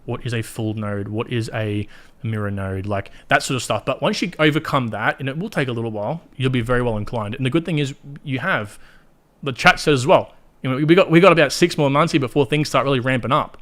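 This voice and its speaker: An Australian man hosting a live stream in a loose, chatty way. He speaks straight to his viewers, blunt and often profane, at a medium pitch. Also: brisk, a bit bright. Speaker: crypto livestream host. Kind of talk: casual livestream commentary.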